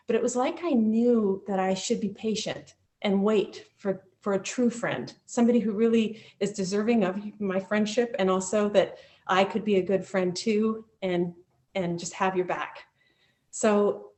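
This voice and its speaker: A woman recounts a personal memory in a vivid, emotional, conversational way. Her voice sits at a middle pitch and comes through a video call. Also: darkish tone. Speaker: storyteller. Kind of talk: personal storytelling.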